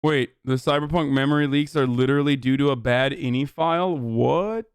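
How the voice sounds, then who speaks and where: A man hosts his live stream in loose, rambling chat, swearing casually as he jumps between asides. His voice is smooth and clear at a middling pitch. It sits close and dry on a desk microphone in a home streaming room. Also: normal speed, dry recording. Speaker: streamer host.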